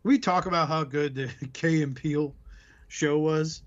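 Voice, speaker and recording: In slightly muffled, lo-fi audio, a podcast host with a voice on the high side rants sarcastically at an unhurried pace. His casual banter is packed with constant swearing.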